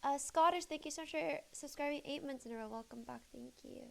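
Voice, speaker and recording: A woman's voice: high-pitched, brisk, vocal fry, a bit bright. A woman livestreamer chatting nervously with her viewers, thanking them as she talks. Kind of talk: casual livestream chat.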